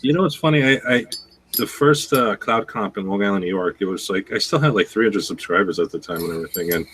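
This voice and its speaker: A man in casual chat as a guest, telling stories in a profane, animated way. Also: on the low side, quick pace, a little hiss or hum, low-quality recording. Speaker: guest streamer.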